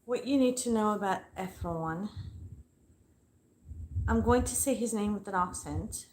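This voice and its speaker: A woman's voice: mid-range voice, measured pace, a little mellow, a little hiss or hum. A young adult woman chatting playfully and bluntly on a casual live stream, talking to her dog and giving readings. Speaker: live psychic reader.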